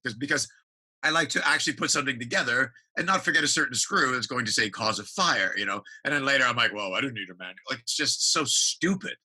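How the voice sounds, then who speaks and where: A man's voice: medium pitch, expressive, quick pace, pushed and bright, husky, rough recording. A man chatting as a podcast guest, telling stories energetically, acting out quotes and swearing casually. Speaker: guest, TV builder. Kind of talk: casual interview chat.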